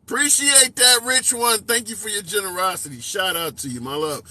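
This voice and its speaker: A man hosts a live call-in show in a high, pushed, bright voice at a moderate pace, with no echo. He pushes back hard and pointedly against a caller, then reads viewer comments aloud and asks for likes.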